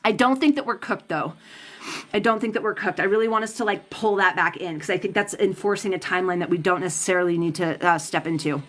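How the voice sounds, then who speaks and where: Speaking quickly in a fairly low, fairly bright voice, a woman reads tarot on a livestream from her home in the Pacific time zone. She answers viewers' comments while venting heatedly and with plenty of profanity, stumbling and restarting her sentences.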